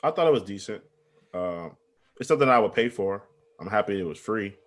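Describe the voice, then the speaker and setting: A man's voice: on the low side, animated, a little fast. A man co-hosting a casual sports podcast, talking in a laid-back, hesitant way. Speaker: podcast co-host. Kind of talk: casual chat.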